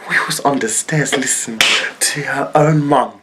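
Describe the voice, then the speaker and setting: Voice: medium pitch, big pitch swings, measured pace, noisy background. A young adult telling a storytime vlog, acting out every quoted person. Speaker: vlogger.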